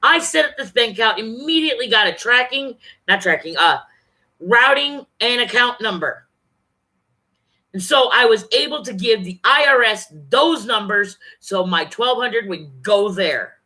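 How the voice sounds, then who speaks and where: A woman's voice: on the high side, animated, sharp tone. A woman venting angrily and profanely on her vlog, talking straight to her viewers. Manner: angry, profane, fast-shifting rant. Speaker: vlogger.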